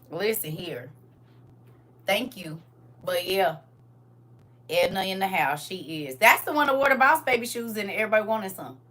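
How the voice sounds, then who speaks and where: A woman's voice: fairly low pitch, a little hiss or hum. A grandmother hosting a casual livestream, talking sassily and directly to her viewers from her phone. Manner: sassy, animated, talks straight to viewers.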